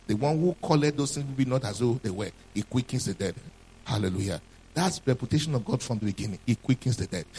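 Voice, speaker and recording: A male preacher delivering a sermon, his husky voice swooping between high and low as he drives each point home. He keeps checking in with the congregation through questions and hammers phrases again and again for emphasis. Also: poor audio. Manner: emphatic, asks the congregation questions and repeats key lines.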